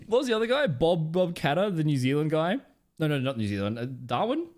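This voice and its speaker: Australian man, young, lively up-and-down pitch, rambling, swearing, casual reaction stream. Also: quick pace.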